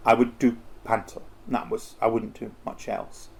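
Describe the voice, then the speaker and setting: A man's voice: medium pitch, monotone, moderate pace, gravelly, husky. Chatty middle-aged man. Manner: chatty, rambling, with many restarts and fillers. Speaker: interview guest, costume house owner. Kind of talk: casual conversational interview.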